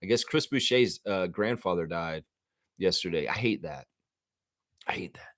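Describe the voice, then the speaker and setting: A man's voice: low voice, lively intonation, moderate pace, fairly bright tone, dry recording, studio quality. Profane, exasperated ranting fan-show man. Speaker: sports show host. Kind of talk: live fan reaction show rant.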